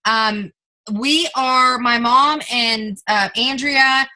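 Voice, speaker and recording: A woman's voice: a little high, very slow, sharp tone, rough recording. A young woman giving an emphatic motivational training talk to her team, coaching and addressing listeners directly.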